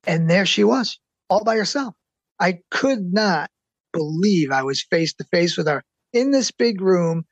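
A middle-aged man telling a personal story in an excited, earnest way, slowing down to stress the big moments. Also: sits high, no room sound, muffled recording. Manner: excited, earnest, slows down for emphasis. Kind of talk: personal anecdote.

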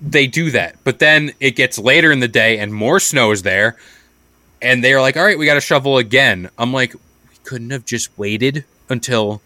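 Young male podcast co-host from New York, rambling casual chat with a bright, forceful tone. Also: medium pitch, normal speed, dry recording. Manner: rambling, says "like" a lot.

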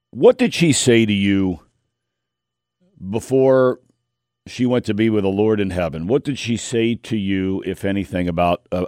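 A man hosting an interview, asking measured questions and giving brief affirmations. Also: deep voice, a little mellow, no room sound, clean studio sound. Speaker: interviewer host.

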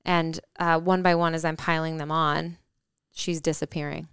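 A woman in her thirties tells a personal story with earnest reflection, pausing on fillers and restarts. Her voice sits low and very clear, with a gravelly edge at the ends of phrases, recorded dry and close. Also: level tone, a bit bright, no room sound. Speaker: podcast co-host.

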